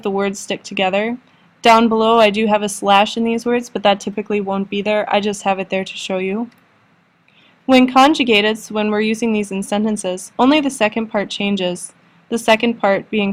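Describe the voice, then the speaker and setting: A woman teacher giving a recorded lesson, patiently explaining and slowing down for example sentences. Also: mid-range voice. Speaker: language teacher.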